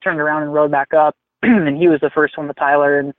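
A man telling a rambling, animated story in casual chat, swearing freely. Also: on the high side, a little fast, no room sound. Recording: tinny phone-like line, dry.

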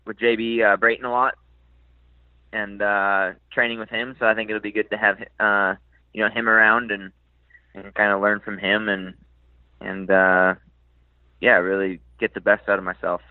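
A man's voice: fairly low pitch, moderate pace, pauses often, no echo. Hesitant man on a tinny line. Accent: faint Minnesota. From Minnesota. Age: 30s. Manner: relaxed, hesitant, many fillers and restarts. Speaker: motocross racer. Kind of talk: casual interview. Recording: dry, tinny phone-like line.

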